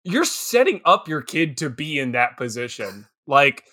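A man with a bright, forceful voice co-hosts a casual comedy podcast about an old film. He talks in an animated way, laughs a lot and keeps breaking into mock voices of the characters. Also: on the high side, unhurried. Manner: animated, laughing often, jumps into put-on voices. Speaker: podcast co-host. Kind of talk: casual movie-review chat.

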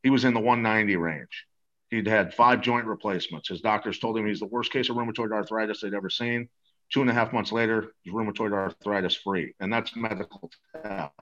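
A man's voice: fairly low pitch, fairly even intonation, fairly quick, fairly bright tone, dull audio. A man talking as an interview guest, eager and salesy, rambling with many restarts. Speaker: guest promoting a supplement. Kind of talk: casual interview talk.

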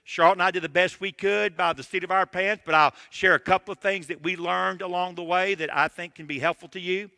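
A man's voice: high-pitched, steady tone, brisk, creaky, few pauses, sharp tone, dry recording, big-room sound. A man in his sixties preaching a sermon, emphatic and direct, laying out numbered points.

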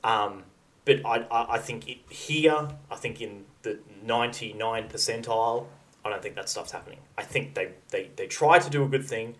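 A man's voice: medium pitch, moderate pace, fairly bright tone, poor audio. A man co-hosting a casual podcast chat, pushing back with frequent restarts. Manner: argumentative, restarts often. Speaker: podcast co-host.

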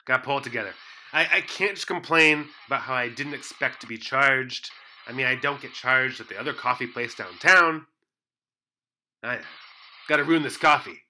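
A man acting as a frantic, melodramatic police officer in a comedy sketch, stammering and yelling in panic. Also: medium pitch, normal speed, slight background noise, rough recording.

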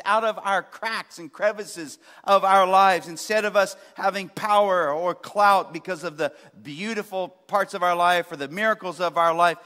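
A man, preaching a sermon as pastor, passionate, with swings from loud emphasis to quiet asides. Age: 40s. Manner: impassioned preaching, rising to loud emphasis then dropping low. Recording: long hall reverb.

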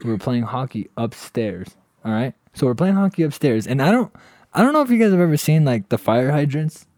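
A man's voice: mid-range voice, big pitch swings, fairly quick, darkish tone, dry recording, studio quality. A young man from Southern California telling a funny story in a casual chat with friends, swearing and laughing often.

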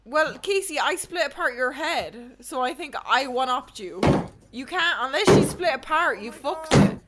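A woman streamer chatting with friends on stream, teasing and animated, with loud outbursts. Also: high voice, measured pace. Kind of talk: casual group chat on stream. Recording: noisy background.

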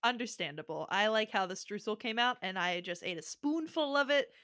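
A young woman co-hosting a casual podcast chat, playful and quick to laugh. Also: medium pitch, animated, bright, forceful tone. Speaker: podcast co-host.

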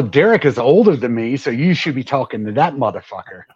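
A man's voice: mid-range voice, expressive, a little fast, a little mellow, husky, highs cut off. A man, a retired Air Force NCO, joking crudely with old friends in a group chat.

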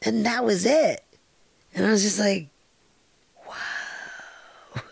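A woman's voice: medium pitch, normal speed, gravelly, a little mellow, breathy edge, no room sound. A middle-aged woman hosting a podcast, rambling through a personal story in a frank, casual way, with laughter and casual swearing. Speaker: podcast host.

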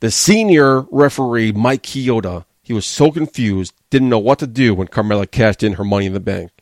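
A man's voice: fairly low pitch, normal speed, a little mellow, no echo, clean studio sound. A man hosting a wrestling podcast, giving a blunt, sarcastic, casual review and swearing freely.

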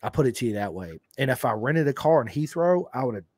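A man from the United States hosts a casual podcast with loose, excited talk. He repeats words and leans on slang like "dude" and "man". The sound is dry and close, and his pitch sits in the middle. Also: quick pace, breathy edge, dry recording. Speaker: podcast host.

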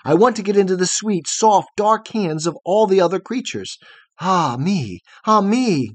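A man's voice: sits high, big pitch swings, unhurried, pitched above the performer's own voice, heavily acted. A man voicing a frightened young woman raised in darkness, crying out in a pleading, trembling way in a storybook reading. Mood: terrified.

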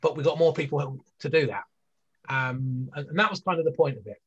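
A man's voice: a little high, brisk, slightly rough, lo-fi sound. A man talking in a rambling, earnest way as an interview guest, full of restarts and fillers. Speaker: guest, business leader. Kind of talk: conversational interview.

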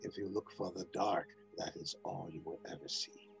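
A man voicing a wise, gentle old uncle from a cartoon, speaking softly and slowly in a low voice. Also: fairly even intonation, creaky, breathy edge, faint music behind, exaggerated voice. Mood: serene.

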